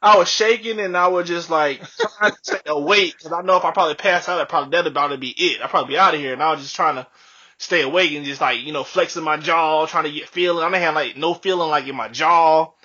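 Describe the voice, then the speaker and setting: A young man casually telling a profane, animated story on a podcast, laughing often. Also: fairly high pitch, fast talker. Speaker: podcast co-host. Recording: dull lo-fi podcast audio.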